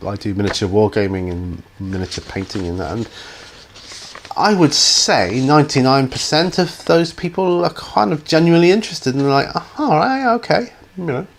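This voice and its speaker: A man's voice: mid-range voice, animated, normal speed, a little hiss or hum. A middle-aged man, hosting a hobby channel's viewer Q&A in a rambling, hesitant way with many ums and restarts. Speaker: YouTube hobby channel host answering viewer questions. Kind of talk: casual Q&A chat.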